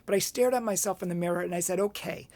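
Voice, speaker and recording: Male Catholic speaker, earnest and expressive storyteller, dry recording. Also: high-pitched, racing, dry recording. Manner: storytelling with personal anecdotes. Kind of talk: motivational talk.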